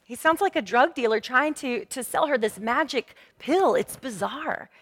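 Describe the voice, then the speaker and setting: Higher-voiced woman preaching in a reverberant hall. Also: normal speed. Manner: lively, conversational storytelling. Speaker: pastor. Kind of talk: sermon. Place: church sanctuary. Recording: long reverb of a church hall.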